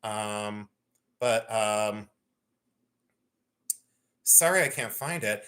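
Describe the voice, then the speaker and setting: A middle-aged woman hosting a live sale stream in a playful, rambling way. Her voice is bright and forward, and she pokes fun at herself. She talks casually to her viewers. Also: rumbling low, expressive, extremely slow, long pauses. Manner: chatty, self-mocking, playful. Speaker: livestream jewelry sale host. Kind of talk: casual livestream chat.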